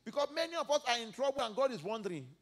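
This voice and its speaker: A male pastor preaching a sermon, dropping to soft asides and rising to loud emphatic peaks as he reads and acts out scripture. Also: very high-pitched, sing-song, racing. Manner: preaches verse by verse, acting out biblical speakers.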